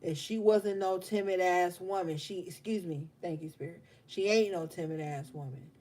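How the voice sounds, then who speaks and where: A woman's voice: on the low side, moderate pace, mellow, a little hiss or hum. Impassioned woman giving a spiritual reading. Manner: impassioned and emotional, blunt with swearing. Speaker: tarot reader hosting a live stream. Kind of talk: spiritual live-stream reading.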